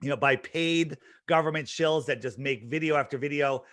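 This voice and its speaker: A man's voice: fairly high pitch, moderate pace, a bit bright, dry recording, studio quality. A man speaking as an interview guest, talking casually and emphatically, with lots of restarts and fillers. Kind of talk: casual promotional talk.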